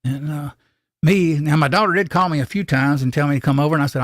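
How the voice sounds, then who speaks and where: A man's voice: a little high, fast, no room sound, studio quality. An older man, hosting a casual live stream and telling rambling, folksy stories with frequent restarts.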